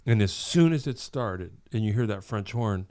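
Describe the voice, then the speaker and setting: A middle-aged man hosting a podcast, chatting casually and telling lively stories that act out his own reactions. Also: lowish voice, normal speed. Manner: animated storyteller, acts out his own reactions. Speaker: podcast host. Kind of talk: casual chat.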